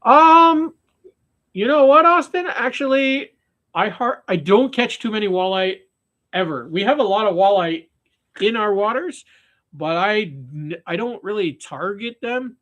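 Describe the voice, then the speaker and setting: A man's voice: high voice, lively intonation, a little slow, fairly bright tone, lo-fi sound. A man hosting a live stream, chatting casually while tying flies, often trailing off and restarting sentences. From Canada. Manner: rambling, with frequent restarts and fillers.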